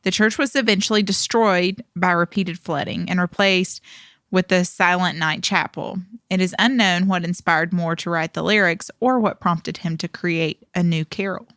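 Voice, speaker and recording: A woman co-host reads history from her notes in a studio podcast. Her voice sits a little low and sounds dry and close. She keeps a steady reading pace and stumbles now and then on unfamiliar names. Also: normal speed, no echo. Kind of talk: reading background notes aloud.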